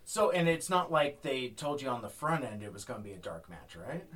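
A man's voice: mid-range voice, very animated, fairly quick, fairly bright tone. A man hosting an interview, asking questions in a casual, hesitant way with many restarts. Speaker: podcast host.

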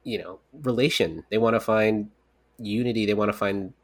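A man's voice: on the low side, moderate pace. A man co-hosting a casual podcast, talking in a rambling, candid way with casual swearing. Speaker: podcast co-creator and host.

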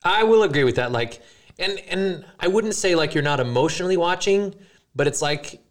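A man co-hosting a casual podcast chat in a fairly high voice. His pitch swings widely as he acts out his reactions. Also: lively intonation, moderate pace. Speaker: podcast co-host.

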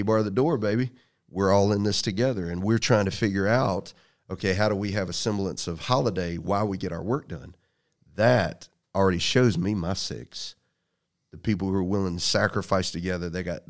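A man's voice: deep voice, darkish tone. A man in casual conversation, telling stories in a folksy, preacherly way.

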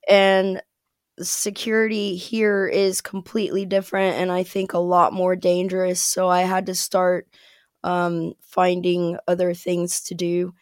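A woman's voice: fairly low pitch, monotone, measured pace, no echo, studio quality. An American woman talking as a podcast guest, chatty and rambling, with frequent fillers and laughs. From United States. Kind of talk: casual interview chat.

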